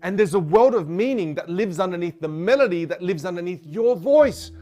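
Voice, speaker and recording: A man teaching an online voice course, animated and playful, showing pitches from low to high. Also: brisk, faint music behind. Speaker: voice coach.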